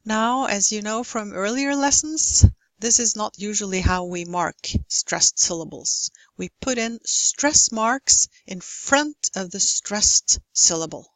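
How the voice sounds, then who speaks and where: A woman teaching English pronunciation in a recorded lesson, speaking in a careful, deliberate way and stretching out example words. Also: medium pitch, lively intonation, a bit bright, dry recording, rough recording. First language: Norwegian. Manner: slow, careful, deliberate delivery with exaggerated model words.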